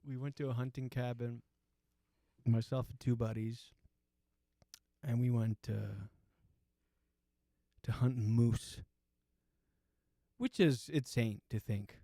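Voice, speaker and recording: A man's voice: medium pitch, fairly even intonation, takes it slowly, creaky, long pauses, warm tone, no room sound, clean studio sound. A man in his forties hosts a comedy show and tells rambling stories, laughing as he goes. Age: 40s. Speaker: host. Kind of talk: comedic storytelling chat.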